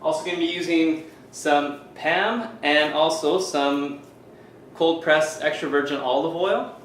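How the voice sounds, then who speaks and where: Recorded in an echoey space with a bit of hiss or hum, this low-quality clip features a man whose voice sits on the high side with a fairly bright tone. He's a fitness coach from Canada giving an unhurried, casual cooking demo to camera in his home kitchen. His delivery is chatty and loose, packed with fillers such as "you know."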